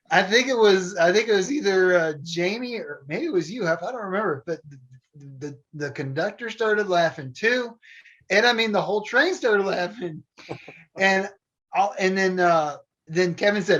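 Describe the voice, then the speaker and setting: A man's voice: sits high, unhurried, fairly bright tone. A man casually telling stories about his old theme park show, laughing often as he talks. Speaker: former theme park train show performer. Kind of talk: casual storytelling chat. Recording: dull lo-fi sound.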